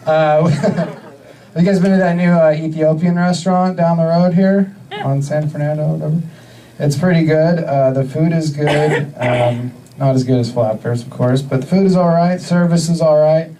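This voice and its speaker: A man in his thirties from the US Northwest doing a stand-up comedy set, with a deadpan, halting delivery full of fillers. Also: on the high side, far from the mic, low-quality recording. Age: 30s. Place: comedy club stage.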